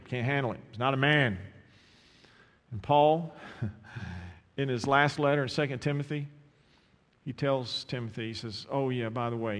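A man preaching a sermon, emphatic, swinging from loud pointed questions to low, intimate asides. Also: in a large hall.

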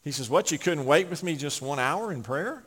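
A man's voice: fairly high pitch, expressive, normal speed, husky. Man preaching with big swings in volume. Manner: swings from loud emphatic peaks to hushed asides. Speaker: pastor. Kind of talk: sermon. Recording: long hall reverb.

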